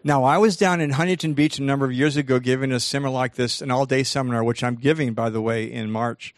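Animated man giving a seminar talk. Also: medium pitch, fast talker, dry recording, clean studio sound. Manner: animated, acts out inner dialogue. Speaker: motivational speaker.

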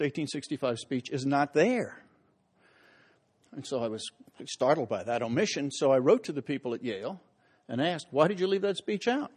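A man's voice: mid-range voice, a little mellow, breathy edge. A middle-aged man giving a public history lecture, telling stories with wry asides and dramatic emphasis.

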